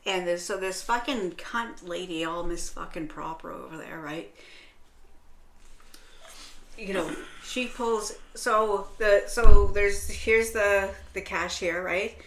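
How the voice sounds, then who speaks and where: A woman's voice: mid-range voice, slow, a little hiss or hum. A woman telling a long story in casual chat, swearing heavily and checking in with "right?" every few lines. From Canada. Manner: heavily profane animated storytelling, full of "right?". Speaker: co-host. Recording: echoey room.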